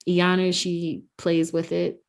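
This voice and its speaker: Woman guest, lowish voice, earnest and reflective, soft-spoken. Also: monotone, takes it slowly, creaky. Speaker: guest, NICU parent. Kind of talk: podcast conversation.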